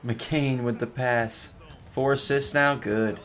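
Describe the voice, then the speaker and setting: A young man streaming a basketball video game, talking live over his play, excitable and trash-talking with sudden high yelps. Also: slow pace. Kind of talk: live gameplay commentary.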